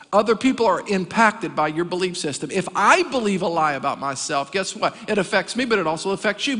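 A man's voice: high-pitched, fairly bright tone. A male pastor preaching a sermon, emphatic and calling on the congregation to answer back. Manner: emphatic preaching, calls for audience responses. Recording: long hall reverb.

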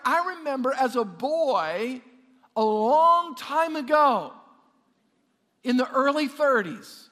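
High-voiced pastor with twang. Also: male voice. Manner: energetic, repeats words, asks the congregation to respond. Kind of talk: sermon. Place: church sanctuary. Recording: long hall reverb.

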